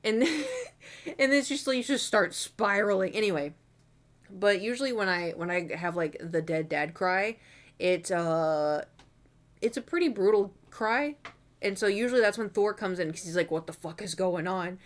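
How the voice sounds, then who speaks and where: A young woman chats to her viewers from her room at home, picked up by a desk mic. She rambles candidly, full of "like" and the odd curse, her pitch sitting in an ordinary middle range. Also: expressive, moderate pace. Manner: rambling, candid and swearing, many fillers. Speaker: streamer. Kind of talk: casual chat.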